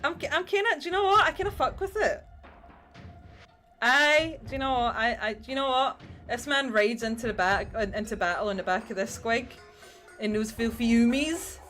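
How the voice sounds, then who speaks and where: A woman's voice: on the high side, normal speed, fairly bright tone, soft background music. A young woman chatting casually with her viewers while she paints miniatures, swearing freely and talking straight to them. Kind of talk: casual livestream chat.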